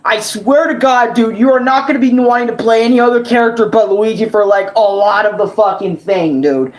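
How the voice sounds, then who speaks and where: A young man ranting casually about a video game, rambling, excitable and swearing a lot. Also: sits high, brisk. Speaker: gaming vlogger. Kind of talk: casual game review rant. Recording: roomy echo.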